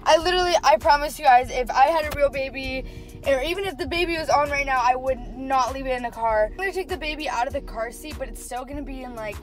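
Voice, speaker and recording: Teen girl rambling into her phone in the car, kinda high voice, music going behind her. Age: teens. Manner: chatty, rambling, full of filler "like". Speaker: vlogger. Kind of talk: casual vlog chat. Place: inside a car.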